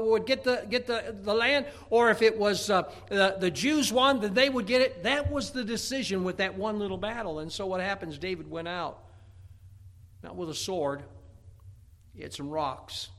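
A man preaches a sermon, telling Bible stories and acting out the voices in an animated way. He swings from loud peaks down to hushed low tones.

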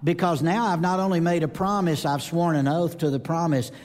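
Male preacher, fairly high voice, animated storyteller, live sermon in a big echoing hall. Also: brisk. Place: church or conference hall. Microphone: speaking to a live audience. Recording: long reverb of a large hall.

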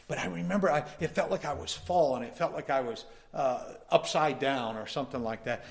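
A man's voice: medium pitch, fairly quick, vocal fry, hardly any pauses. A male pastor delivering a sermon, telling a personal story in a folksy way and building up to emphatic preaching.

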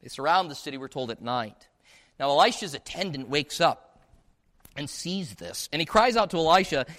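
Male pastor, slightly high voice, animated sermon storyteller. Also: normal speed. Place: church sanctuary. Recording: long hall reverb.

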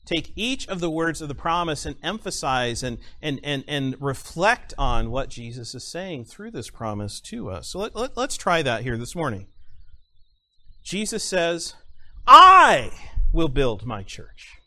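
Male pastor, sermon delivery: unhurried, bright tone, lands hard on single words, rhythmic repetition. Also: on the high side, sing-song. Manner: emphatic, stresses single words with dramatic pauses; repeats phrases rhythmically for emphasis.

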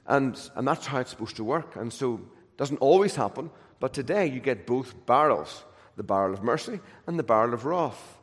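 A man preaching a sermon with emphatic, repeated phrases, swinging between loud declarations and hushed, gentle lines. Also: a little high, expressive, moderate pace. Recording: long hall reverb.

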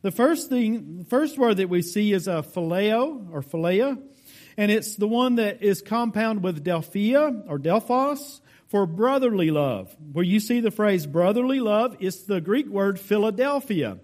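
High-voiced man preaching a teaching sermon. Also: animated, a little mellow. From United States. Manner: deliberate, explanatory, stresses key words emphatically; speaks directly to the congregation. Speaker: pastor. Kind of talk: sermon, verse-by-verse Bible teaching.

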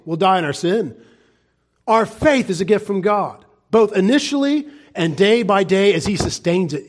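Male preacher, high-pitched, urgent and pleading, drops to quiet asides. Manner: earnest, pleading, swings from loud urging to hushed asides. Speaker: pastor. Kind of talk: sermon.

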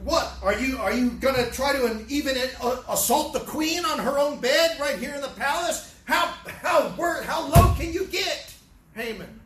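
Brief: man playing an indignant old-world king, high-pitched and scornful, heard through an echoey room from a distant mic. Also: expressive, slow, long pauses, noisy background. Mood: outraged. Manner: exclaiming incredulous questions, voice climbing.

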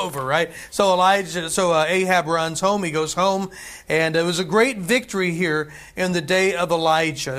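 Casting: male pastor with a fairly high voice, loose sermon delivery, repeats himself for emphasis. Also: fairly bright tone. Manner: conversational, repeats phrases, tosses in "right?" and "amen".

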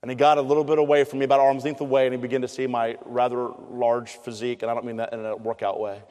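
A man's voice: mid-range voice, flat delivery, quick pace, darkish tone. A middle-aged man preaching a sermon, telling a story in an earnest, conversational way. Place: chapel. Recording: long hall reverb.

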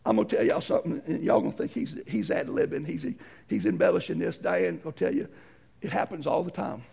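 A middle-aged man preaching a folksy storytelling sermon, animated and acting out the voices in his stories. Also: high-pitched, fairly quick, vocal fry, slightly rough.

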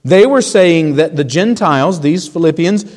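A man's voice: a little high, animated, normal speed, darkish tone, long reverb tail. A man preaching a sermon as pastor, emphatic and building his points with rhetorical questions.

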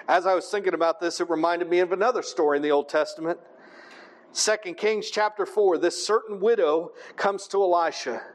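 High-pitched guy preaching, reads the verse then chats it through, keeps asking right?. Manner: conversational, asks the room "right?" often. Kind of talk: sermon.

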